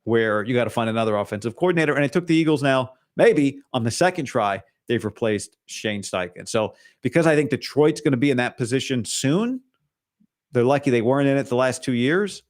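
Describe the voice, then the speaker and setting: A man's voice: medium pitch, animated, fairly quick. A man hosting a solo sports talk show, opinionated and hedging, with frequent restarts.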